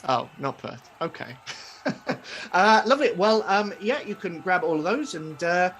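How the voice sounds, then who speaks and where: A man's voice: high-pitched, big pitch swings, a little slow, fairly bright tone, heavily acted. A man putting on a brash showman joke-shop wizard. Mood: chatty. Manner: brash sales patter, playful.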